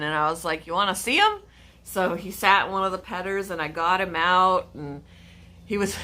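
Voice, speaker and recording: A woman's voice: on the low side, bright, forceful tone. A woman hosting a casual live stream, chatting to her pets and her viewers.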